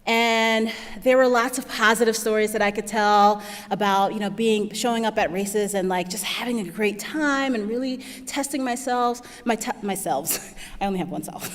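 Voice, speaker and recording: A woman at a mid-range pitch gives a storytelling keynote talk in a large hall, and her voice trails off in a long reverb. She keeps it chatty, laughs often and slips into the voices of the people she quotes. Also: normal speed. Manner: chatty, laughs often, acts out what others said. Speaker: keynote speaker.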